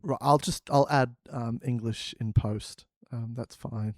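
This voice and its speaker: A man's voice: medium pitch, fairly even intonation, a little slow, no echo, clean studio sound. A man co-hosting a comedy podcast, improvising a grand villain speech, cutting himself off with asides. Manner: rambling, self-interrupting, giggly asides. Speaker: podcast co-host.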